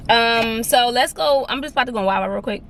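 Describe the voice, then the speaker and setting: A woman's voice: a little high, fast talker, a little hiss or hum. A young woman in her twenties chatting casually for her vlog, filling her talk with "like" while she drives and later walks. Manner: chatty and animated, says "like" a lot. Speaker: lifestyle vlogger. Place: in her car, then out on a walk.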